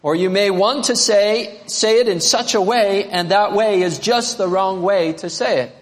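High-pitched preacher guy, animated sermon, big echoey church hall. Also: unhurried. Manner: animated preaching, rising to emphatic high notes and dropping to quiet asides. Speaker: pastor. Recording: long reverb of a large hall.

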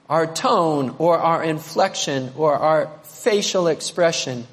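A pastor delivering a sermon in a high, bright-toned voice. He preaches with animation, pushing up to emphatic peaks and then dropping low. His voice rings out with the long reverb of a large sanctuary. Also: lively intonation, takes it slowly.

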